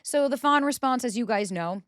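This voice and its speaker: A woman's voice: a little high, expressive, moderate pace, dry recording. A blunt woman podcast host giving relationship advice, swearing freely and hitting her points hard. She acts out the voices she quotes. The recording is dry, with no room sound. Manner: blunt and profane, emphatic. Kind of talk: candid advice monologue.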